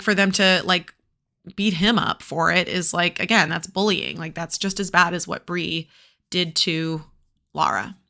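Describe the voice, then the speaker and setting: A woman's voice: fairly low pitch, bright, forceful tone. A woman reading a novel aloud to a class, breaking off into casual, chatty commentary full of fillers.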